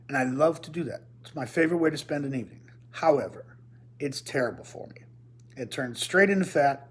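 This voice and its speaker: A man giving an informal recorded lesson from his home, talking in a rambling, chatty way with joking asides. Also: on the high side. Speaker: teacher. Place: at home near his kitchen.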